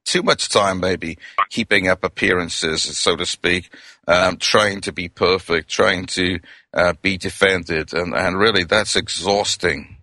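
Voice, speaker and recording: A middle-aged man from Wales with a Welsh accent, giving a gentle, reflective sermon as a minister. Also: sits low, fairly even intonation, measured pace, dry recording. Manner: gentle, reflective, addresses listeners as friends.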